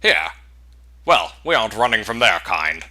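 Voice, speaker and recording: A man voicing a calm, proud male warrior in a fantasy game, measured and commanding. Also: on the low side, exaggerated voice. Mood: resolute.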